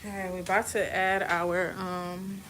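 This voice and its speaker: A woman's voice: lowish voice, little pitch movement, measured pace, a bit bright. A woman chatting casually with lots of fillers while she cooks in a home kitchen. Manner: chatty, rambling with many fillers. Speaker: cooking vlogger. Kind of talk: casual cook-along chat. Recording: echoey kitchen with cooking noise. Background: frying sizzle and kitchen clatter.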